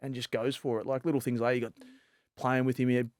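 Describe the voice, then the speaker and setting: Australian guy in his late thirties, mid-pitched, rambling anecdotes, close dry sound. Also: fast talker, no echo. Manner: rambling, full of fillers and restarts, animated when telling stories. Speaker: guest, professional fast bowler. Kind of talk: casual storytelling chat.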